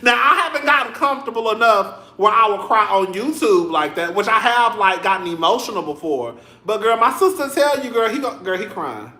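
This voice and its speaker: A young man giving sassy, animated commentary straight to his viewers in a casual vlog, full of cussing. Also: high-pitched, a little fast, hardly any pauses, echoey room. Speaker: vlogger. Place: home room.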